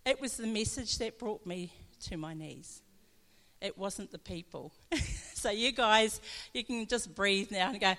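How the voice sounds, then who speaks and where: A woman's voice: a little high, animated, moderate pace, fairly bright tone. A woman pastor gives a chatty personal testimony in church, often laughing as she tells her story. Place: church hall. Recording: long hall reverb.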